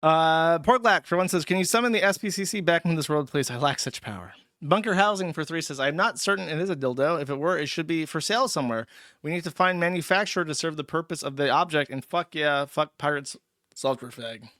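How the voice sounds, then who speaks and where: Brief: male livestream host, bright and somewhat high-pitched, profane and mocking, reads chat messages, dry close mic. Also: brisk, dry recording. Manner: profane, sneering, blunt. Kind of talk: crude mocking livestream commentary.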